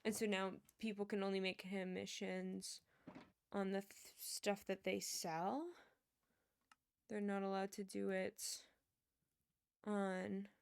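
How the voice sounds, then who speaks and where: A woman's voice: mid-range voice, little pitch movement, slow pace, vocal fry, long pauses, smooth. A young woman streamer chatting casually, rambling with lots of fillers and restarts. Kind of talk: casual chat.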